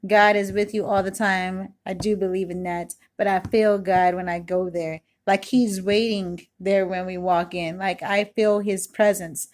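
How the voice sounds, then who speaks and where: A woman's voice: mid-range voice, steady tone, a little slow, few pauses. A woman in her thirties giving an earnest, rambling personal testimony at home, full of "you know" and "like", recorded close in a kitchen. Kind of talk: casual spoken testimony. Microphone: self-recorded video, close mic.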